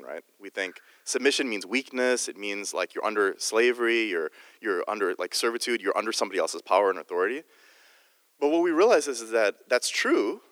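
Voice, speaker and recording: A man's voice: mid-range voice, fairly bright tone, no room sound, in a large hall. Chatty male preacher, very dry sound. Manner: jokey and conversational, with many restarts. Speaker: guest preacher. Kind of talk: sermon.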